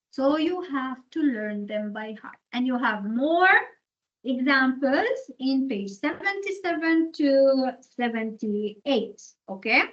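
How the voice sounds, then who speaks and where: High-voiced woman lecturer, muffled recording. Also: bright, forceful tone. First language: Arabic. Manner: switches between English and Arabic, explains rules step by step. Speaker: English translation lecturer. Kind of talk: university lecture.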